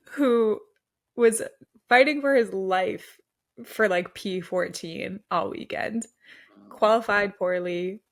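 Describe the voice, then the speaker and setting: A young woman co-hosting a casual racing recap, laughing often and joking as she talks. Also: medium pitch. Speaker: podcast co-host. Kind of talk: casual sports recap chat.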